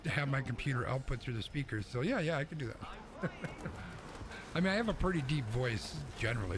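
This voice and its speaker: During a casual gaming stream from home, a young man talks fairly quickly at a medium pitch with lively intonation. He rambles and chats, responding to viewers as he plays, with game music and sounds behind his mixer-fed mic.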